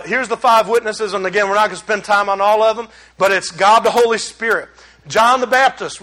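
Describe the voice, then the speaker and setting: Animated preacher man, bright high voice. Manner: animated preaching, swinging between loud and hushed; addresses congregation as y'all. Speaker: pastor. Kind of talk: sermon.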